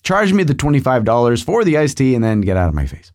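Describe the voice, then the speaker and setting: A man's voice: medium pitch, sing-song, fast, darkish tone. A middle-aged man hosting a podcast, telling a rambling comic story with digressions and asides to the listener. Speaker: podcast host.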